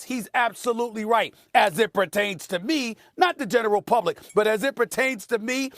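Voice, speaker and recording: A man arguing loudly and emphatically as a host of a televised sports debate, repeating his points. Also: very high-pitched, no echo, clean studio sound. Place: TV studio.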